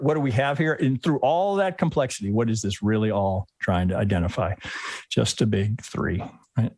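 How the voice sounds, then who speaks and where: A man's voice: medium pitch, a little mellow, no echo. A man hosting a live trading lesson, talking through charts as he thinks, often ending thoughts with "right?" and restarting his sentences. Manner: rambling, thinks aloud, tags lines with "right?"; frequent restarts and self-corrections. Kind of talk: live screen-share chart analysis.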